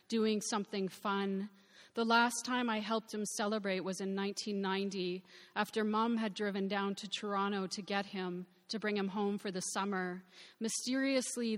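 A woman reading a first-person novel aloud in a reflective, measured way. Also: mid-range voice, in a large hall. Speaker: narrator. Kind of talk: first-person audiobook narration.

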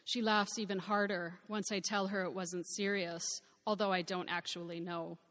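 A woman reading a first-person novel aloud in a reflective, measured way. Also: medium pitch, little pitch movement, a bit bright, big-room sound. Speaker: narrator. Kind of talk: first-person audiobook narration.

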